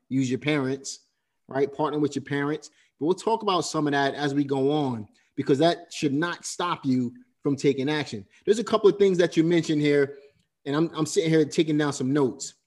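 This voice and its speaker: A man's voice: on the high side, a little mellow. Man recapping lessons like a coach. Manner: coaching, recaps points with "right?". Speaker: podcast host. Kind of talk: casual chat, summarizing lessons.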